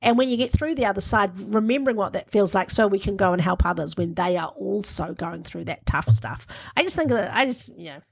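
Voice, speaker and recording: A woman in her fifties with a gravelly, husky voice. She co-hosts a podcast in easy casual chat, thoughtful and quick to laugh. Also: mid-range voice, expressive. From New Zealand. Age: 50s. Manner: chatty, laughs often, reflective. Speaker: podcast co-host.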